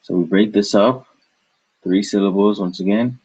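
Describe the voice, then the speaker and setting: A man's voice: fairly low pitch, animated, unhurried, darkish tone, slightly rough, highs cut off. A man teaching a language lesson, patiently breaking words into syllables and repeating them.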